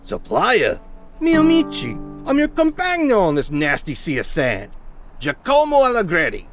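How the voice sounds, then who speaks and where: A man voicing a smooth-talking male trader with an Italian accent, theatrical and full of Italian words. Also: high voice, wildly swooping pitch, moderate pace, soft background music. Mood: salesy. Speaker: supplier.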